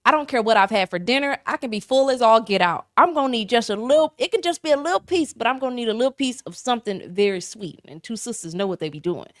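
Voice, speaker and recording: A woman hosting a talk show, lively and folksy, chatting with a guest. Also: fairly high pitch, quick pace, few pauses, no echo, clean studio sound. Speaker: show host. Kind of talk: casual interview chat.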